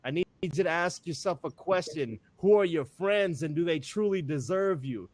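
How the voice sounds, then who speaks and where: A man talking as a guest in a casual conversation, animated and repeating words with many fillers. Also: a little high, moderate pace, no room sound.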